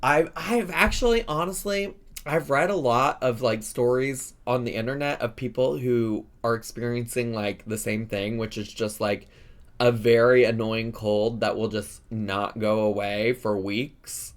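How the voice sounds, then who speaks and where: Young Midwestern man, casual vlogger, middle pitch, sassy, playful, a bit coughy. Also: fairly even intonation, measured pace. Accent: Southern Illinois Midwestern. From Southern Illinois, USA. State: lingering cough, cough drop in mouth. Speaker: YouTuber host. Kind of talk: casual reaction vlog chat.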